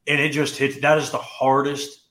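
A young man co-hosting a podcast, telling a personal story in casual chat, animated and full of "dude" and "like". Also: mid-range voice, normal speed, echoey room, slight background noise. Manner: animated, says "dude" and "like" often. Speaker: podcast co-host.

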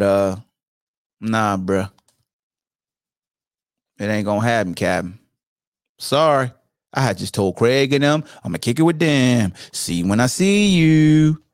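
A man's voice: mid-range voice, dry recording, clean studio sound. A man hosting a podcast, talking sports loosely and playfully, teasing rival fans. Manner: animated trash talk, playful and loose. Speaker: podcast host. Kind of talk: casual sports talk.

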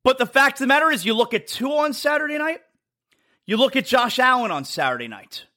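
A man's voice: very high voice, big pitch swings, brisk, bright, forceful tone. A man hosting a sports talk show, delivering an emphatic, blunt monologue that repeats its points and mocks rival teams. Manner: emphatic, repetitive, blunt and mocking.

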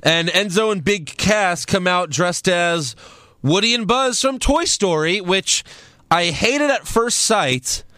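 A man's voice: sits high, animated, slow pace, bright, forceful tone, no echo. A man co-hosting a casual wrestling recap podcast, sarcastic and jokey.

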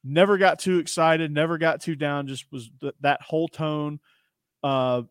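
A man's voice: a little high, steady tone, moderate pace, clear, resonant tone, dry recording. Chatty man hosting a podcast, dry sound. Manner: chatty, upbeat, storytelling. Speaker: podcast host. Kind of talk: casual sports podcast chat.

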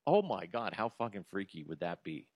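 A man hosting a comedic commentary show about odd news, animated and profane. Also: sits low, fairly quick, no room sound. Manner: animated and profane, jumps into silly voices. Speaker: host.

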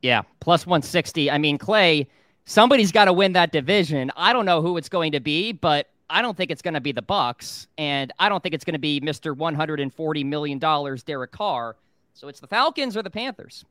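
A man with a smooth, slightly higher voice hosts a sports betting panel. He moves things along briskly, reads out odds and puts questions to his guests. The sound is dry and close to the mic. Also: lively intonation, a bit bright, no echo. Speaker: sports betting show host. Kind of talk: casual sports talk.

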